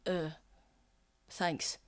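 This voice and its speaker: A woman narrating as game master, describing the action in a loose, hedging way. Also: extremely slow.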